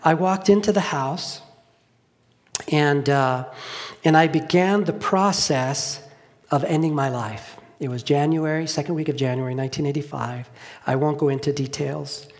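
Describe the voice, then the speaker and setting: A man's voice: on the high side, normal speed. Earnest man preaching his testimony. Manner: earnest storytelling, drops to hushed tones. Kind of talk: sermon testimony.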